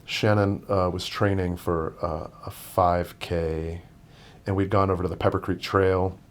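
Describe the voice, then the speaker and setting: Podcast guest: a man with a lowish voice, rambling through a casual story, full of restarts. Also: little pitch movement, a little slow. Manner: rambling, many restarts and fillers.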